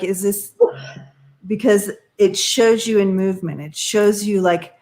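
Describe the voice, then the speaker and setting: A woman doing tarot readings on a live stream, talking in a halting, searching way with many fillers while giving gentle advice. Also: mid-range voice. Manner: encouraging, gives gentle advice. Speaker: tarot reader.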